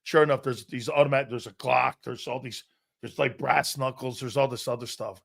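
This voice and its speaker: A middle-aged man hosting a sports talk show, telling a profane, animated story and loudly acting out the people in it. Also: mid-range voice, a little fast, creaky.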